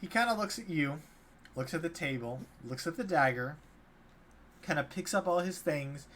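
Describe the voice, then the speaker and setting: A man's voice: on the high side, moderate pace, slight background noise. Laid-back man running a tabletop game. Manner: relaxed, hesitant, many fillers. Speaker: dungeon master.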